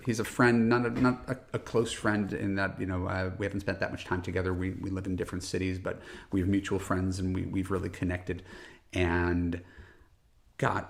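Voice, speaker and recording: A man's voice: sits low, vocal fry. A middle-aged man, a dating coach, hosting a solo podcast, talking earnestly and emphatically, often restarting and tagging "right?". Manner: rhetorical "right?" tag questions.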